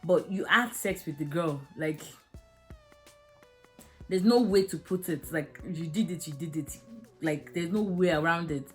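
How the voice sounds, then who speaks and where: A woman's voice: lowish voice, unhurried, pauses often, soft background music. A young woman reviewing a drama episode, talking frankly and emotionally with many fillers. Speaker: series reviewer. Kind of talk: casual video review.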